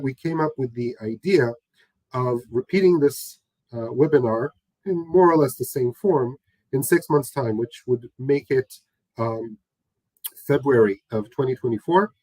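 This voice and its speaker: Male webinar host, mid-pitched, dry close sound, loose conversational delivery with fillers. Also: a little mellow, no echo, rough recording. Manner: conversational, hesitant with many fillers. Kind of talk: casual webinar talk.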